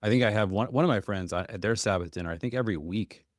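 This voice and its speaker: A man with a low voice hosts a faith-based podcast. He talks earnestly and thoughtfully, pausing on fillers as he works through ideas. The sound is dry and close. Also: dry recording. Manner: earnest, reflective, many fillers. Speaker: podcast host. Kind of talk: casual faith-based conversation.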